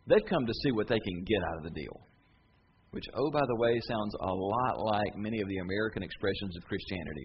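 Folksy preacher. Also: male voice, medium pitch, highs cut off, slight background noise. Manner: conversational, folksy, storytelling. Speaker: pastor. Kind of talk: sermon.

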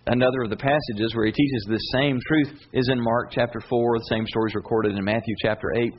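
A man preaching a sermon, telling a story with animated swings between high emphatic bursts and low intense asides. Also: brisk, hardly any pauses. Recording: dull lo-fi sound with faint hiss.

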